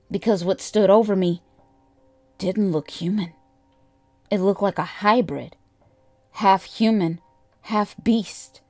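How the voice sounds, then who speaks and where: A woman narrating a first-person horror story in a measured, deliberate way. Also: mid-range voice, a little mellow, no echo.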